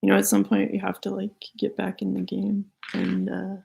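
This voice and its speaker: Hoarse lady doing a chill spiritual reading, super gravelly, dark mellow tone, says like a lot. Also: mid-range voice, monotone, normal speed, a little hiss or hum, poor audio. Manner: loose and rambling, many "like" fillers. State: hoarse, losing her voice. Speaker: spiritual reader. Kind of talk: casual spiritual reading to viewers.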